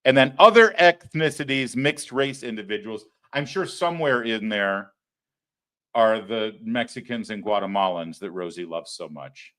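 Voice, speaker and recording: A man's voice: fairly low pitch, moderate pace. A man hosting a live political commentary show, talking in a sarcastic, mocking way. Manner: sarcastic, mocking, animated delivery. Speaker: host.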